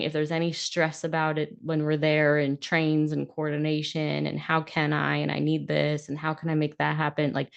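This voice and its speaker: Low, gravelly woman chatting candidly. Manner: chatty and rambling, often laughing; frank, self-reflective. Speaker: podcast host and coach. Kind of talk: casual monologue.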